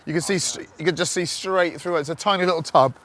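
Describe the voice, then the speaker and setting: Here the man reviewing cars talks fast in a fairly high, steady voice, running through a self-mocking, chatty commentary behind the wheel. The setting is a car interior and a town street, and traffic and car noise are loud behind him.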